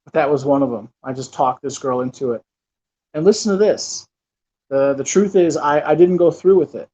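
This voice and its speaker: A man's voice: fairly high pitch, normal speed, mellow. A man in his thirties telling a personal story in a casual, rambling way, with lots of fillers and restarts. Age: 30s. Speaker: channel host. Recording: dull lo-fi recording.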